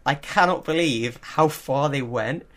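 Man, podcast co-host, animated storyteller, mid-pitched, chatty and laughing. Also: a little slow. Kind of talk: casual chat.

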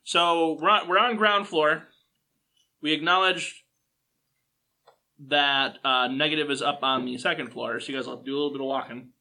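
A man's voice: a little high, moderate pace, gravelly, long pauses, sharp tone. A man running a tabletop game as game master, narrating in a loose, chatty way with many fillers.

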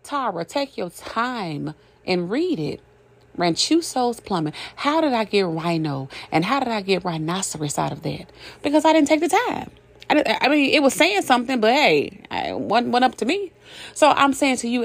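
An older woman giving a casual inspirational talk, folksy, repetitive and emphatic, often laughing. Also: mid-range voice. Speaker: motivational speaker.

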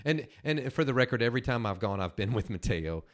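A man in his forties hosting a podcast, telling a story with teasing, animated banter. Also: medium pitch, quick pace. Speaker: main host.

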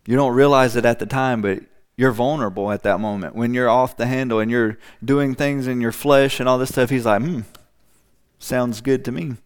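A man's voice: medium pitch, fairly even intonation, fairly quick, few pauses, smooth. A man preaching a sermon, driving points home with emphatic repetition and acting out other voices. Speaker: pastor.

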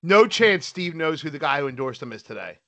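A middle-aged man co-hosting a podcast in casual chat, chatty and quick to laugh as he tells family stories. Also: a little high, sing-song, bright, forceful tone, no room sound. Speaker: podcast co-host.

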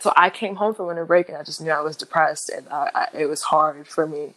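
Young woman guest, kinda low voice, lots of ums and restarts, gets animated quoting people. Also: rough recording. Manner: halting, many fillers and restarts, animated when quoting others. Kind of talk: candid personal interview.

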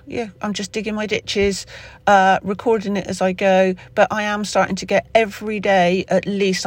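This is an unscripted solo podcast monologue: a host with a Somerset accent meanders, restarting sentences, correcting himself and leaning on fillers. His voice sits in the mid range, and the recording is dry.

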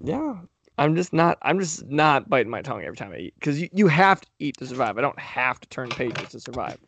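A man's voice: mid-range voice, sing-song, a little fast, gravelly, fairly bright tone, slight background noise. A man co-hosting a podcast, telling stories in a profane, emphatic way during casual banter. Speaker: podcast co-host.

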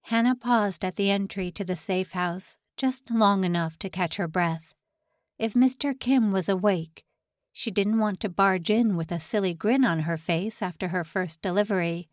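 A woman narrating a suspense novel in a measured, even reading. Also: mid-range voice, no room sound, clean studio sound. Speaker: audiobook narrator. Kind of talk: scripted narration.

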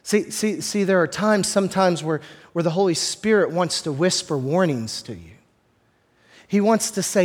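A man with a fairly high voice preaches a sermon in an easy, chatty way. He doubles words while he builds a point and slips in jokes for the congregation. A long reverb from the sanctuary trails every phrase. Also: animated, normal speed. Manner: joking asides to the congregation. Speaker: pastor.

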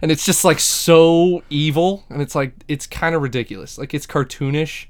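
A man's voice: a little high, quick pace. A man co-hosting a podcast, casually recapping a TV episode in a profane, joking way and acting out the characters' lines. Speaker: podcast co-host.

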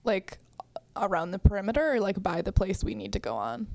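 Lady player w/ a gravelly voice, dry sarcastic delivery. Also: medium pitch, fairly quick, darkish tone, dry recording. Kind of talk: tabletop game chat.

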